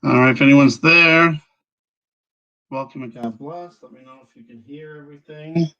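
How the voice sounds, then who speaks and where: A man's voice: on the high side, normal speed, sharp tone, highs cut off. Rambling man hosting a livestream. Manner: rambling, greets viewers by name, frequent throat clearing. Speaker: livestream host. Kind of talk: casual livestream chat.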